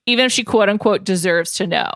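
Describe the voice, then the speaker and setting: A woman's voice: medium pitch, fast talker, a bit bright, no echo, clean studio sound. A woman hosting a podcast, chatting casually and animatedly about a reality show and laughing easily. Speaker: podcast host. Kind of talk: casual pop-culture chat.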